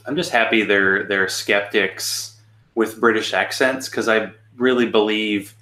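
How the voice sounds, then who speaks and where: A man's voice: fairly low pitch, steady tone, a little slow, sharp tone, a little hiss or hum. A man hosting a podcast interview, chatting in a musing, hesitant way. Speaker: podcast host. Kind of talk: casual interview chat. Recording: roomy echo.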